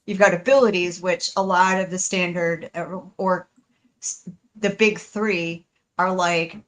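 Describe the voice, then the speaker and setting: A woman's voice: lowish voice, fairly even intonation, unhurried, low-quality recording. A woman co-hosting a paranormal talk show, chatty and laughing easily. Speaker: co-host. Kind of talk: casual talk show chat.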